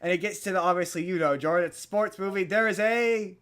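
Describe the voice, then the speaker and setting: A man's voice: high voice, fast, fairly bright tone, smooth. A man co-hosting a podcast in casual chat, retelling a movie plot in a rambling way with many restarts. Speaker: podcast co-host.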